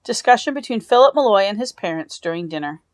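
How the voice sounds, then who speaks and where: A woman reads a novel aloud to her class in a lively, rising and falling voice. She names each speaker before their lines, and the room is dry and close. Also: medium pitch, fast, no echo. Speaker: teacher reading a novel aloud. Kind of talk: read-aloud narration.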